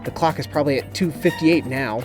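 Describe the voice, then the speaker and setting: A man reading a children's spy story aloud in steady, even scripted narration. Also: a little high, fairly quick, music in the background. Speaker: audiobook narrator.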